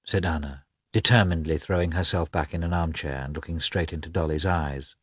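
A man narrating a classic novel with an expressive, measured reading. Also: rumbling low, husky, no room sound, clean studio sound. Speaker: audiobook narrator. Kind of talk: scripted narration.

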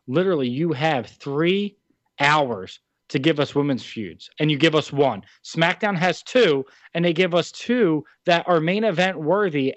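This podcast co-host is a young man from New Jersey who rants opinionatedly through a casual chat. His pitch is fairly high, and the lo-fi recording comes across dull and dry.

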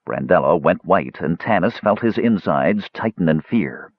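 A deep, husky male voice narrates a fantasy audiobook. His pitch rises and falls with plenty of movement. The recording is dry and slightly dull. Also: lively intonation, moderate pace, dry recording.

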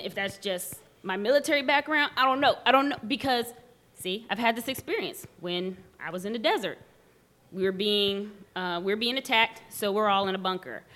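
A woman in casual conversation, telling stories animatedly and acting out the voices of people she quotes. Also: a little high. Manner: animated storyteller who acts out quoted voices. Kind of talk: casual chat.

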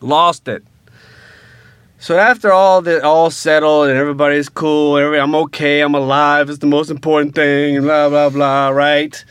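Profane, animated man telling a story. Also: on the high side, normal speed, clean tone, no echo. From Louisiana. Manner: animated, profane, swings between hushed asides and loud rants. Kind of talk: casual comedic storytelling.

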